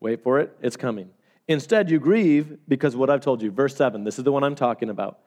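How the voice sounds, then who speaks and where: A man preaching a sermon as pastor, telling stories with animated swings between loud and hushed delivery. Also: medium pitch, fast talker.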